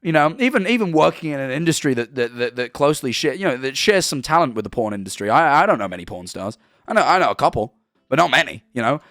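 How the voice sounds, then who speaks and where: A man's voice: medium pitch, big pitch swings, fast, a bit bright, no room sound, studio quality. A man in his twenties streaming from home, casually chatting and reading viewer messages in a rambling, stumbling way.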